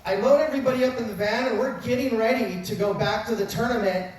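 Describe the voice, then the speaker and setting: Man, 50s, coach; self-mocking after-dinner storyteller; distant, booming room echo, faint hiss. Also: quick pace. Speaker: wrestling coach. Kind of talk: humorous after-dinner speech. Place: large banquet hall at a dinner event. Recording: very echoey hall recorded from far off, faint noise.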